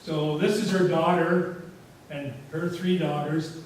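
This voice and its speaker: A guest speaker with a somewhat high, darkish voice addresses a society, taking it slowly in a steady tone. He tells rambling, casual anecdotes thick with "you know" fillers, recorded from far off in an echoey hall with faint hiss.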